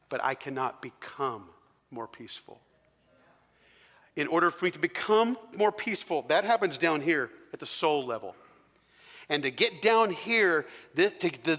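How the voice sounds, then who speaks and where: A man's voice: fairly high pitch, pushed and bright. A man preaching a sermon in a large church hall, talking to the congregation conversationally and asking them questions. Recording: long hall reverb.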